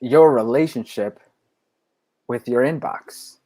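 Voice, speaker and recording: A man co-hosting a casual live-stream chat, relaxed and halting, laughing often and filling pauses with ums. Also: mid-range voice. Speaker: coach and co-host.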